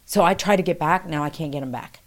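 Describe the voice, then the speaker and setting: A woman recounting a past experience in conversational storytelling, acting out quoted dialogue with animated pitch jumps. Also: quick pace. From New York City.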